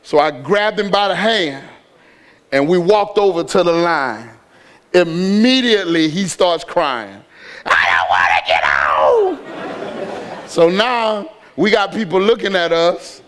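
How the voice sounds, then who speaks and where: High-voiced preacher telling a story. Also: male voice, lively intonation, a little slow. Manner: storytelling, building to shouted exhortation. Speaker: pastor. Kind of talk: sermon.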